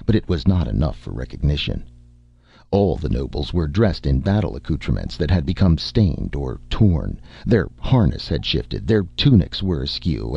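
A man reading a story aloud in measured, expressive narration, in a dull lo-fi recording. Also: rumbling low, creaky, slightly rough, no room sound. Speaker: audiobook narrator. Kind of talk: scripted narration.

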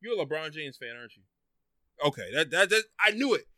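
A man's voice: on the high side, very animated, quick pace, sharp tone, no room sound, clean studio sound. A man co-hosting a podcast, chatting casually, teasing his friends and stammering when he gets worked up. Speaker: podcast co-host. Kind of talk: casual chat.

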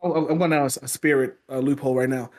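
A man's voice: mid-range voice, steady tone. A young man co-hosting a podcast, chatting casually, joking and riffing. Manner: joking, riffing, quick asides. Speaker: podcast co-host. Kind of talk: casual chat.

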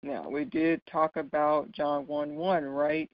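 Male Bible study teacher, slow and patient, keeps checking in with listeners. Lightly high voice, dull lo-fi recording. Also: flat delivery. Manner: checks in often with "right?" and "okay?"; explains patiently with light laughs.

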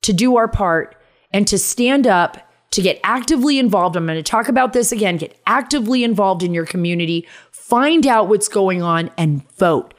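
A woman hosts her own podcast and delivers a political monologue in an emphatic, indignant voice. She hammers her points home by repeating phrases, and her pitch sits in the middle for a woman. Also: animated, moderate pace. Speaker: podcast host.

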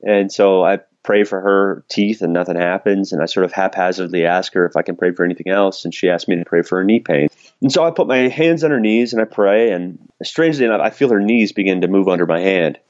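Low-voiced man telling a candid story. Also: brisk, darkish tone, dry recording, muffled recording. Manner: candid, self-deprecating, laughs often. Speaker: podcast guest. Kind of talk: storytelling in casual conversation.

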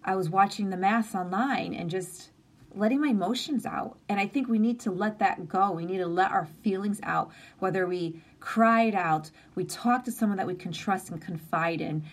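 A woman's voice: mid-range voice, normal speed. A woman in her forties hosting a casual live stream, talking earnestly and openly about feelings. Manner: earnest, open and conversational, with emphatic lists. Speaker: host of an inspirational live stream.

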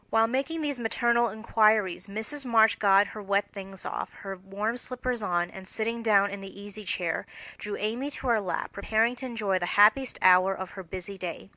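A woman narrating an audiobook with expressive, measured storytelling. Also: medium pitch, dry recording, low-quality recording. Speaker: audiobook reader.

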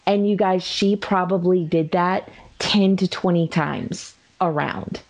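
A woman in her thirties telling a story about her children on a video call, animated and quick to laugh. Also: lowish voice. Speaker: mother of young children. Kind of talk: casual chat among family.

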